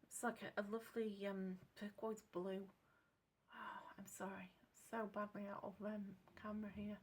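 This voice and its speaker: A woman's voice: medium pitch, level tone, normal speed, darkish tone, breathy edge. English lady rambling through a craft vlog, keeps correcting herself, says sorry a lot, totally unscripted. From England. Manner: chatty and rambling, corrects herself often, apologetic asides. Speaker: craft vlogger.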